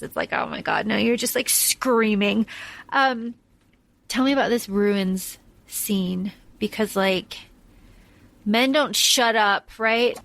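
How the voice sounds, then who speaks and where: A woman's voice: a little high, takes it slowly, creaky. A woman co-hosting a casual podcast, talking bluntly and with some swearing, and telling a story with animation. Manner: blunt and profane, animated retelling. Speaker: podcast co-host. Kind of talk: casual chat.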